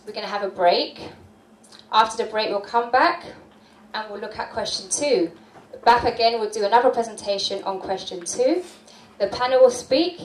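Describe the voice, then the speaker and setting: A woman's voice: mid-range voice, slight background noise. A woman hosting a community speaking event, explaining the program and encouraging the audience. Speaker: host. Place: community hall. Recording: echoey hall, distant mic.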